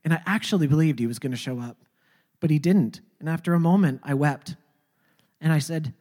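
A speaker telling a personal faith testimony in a halting way, often repeating words before going on. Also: medium pitch, warm tone, big-room sound. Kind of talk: personal storytelling.

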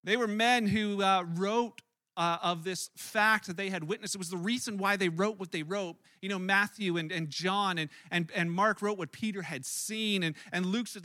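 A man's voice: high voice, moderate pace, no room sound. A man preaching a sermon, telling stories with lots of energy and often repeating words and restarting his sentences. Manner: animated storytelling with frequent word repeats and restarts. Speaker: pastor.

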